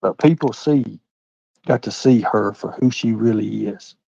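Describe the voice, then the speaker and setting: A man's voice: lowish voice, unhurried, gravelly, warm tone, dry recording, dull audio. A man hosting a livestream, talking in a blunt, profane, preachy way with folksy phrasing like "by God" and "ain't". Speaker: livestream host. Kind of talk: heated livestream rant.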